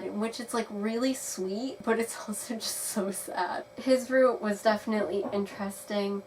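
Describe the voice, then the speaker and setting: Chatty young woman reviewing games. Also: medium pitch. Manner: chatty, rambling, laughs often. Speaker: game reviewer. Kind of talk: casual video review. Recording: slightly distant mic with faint noise.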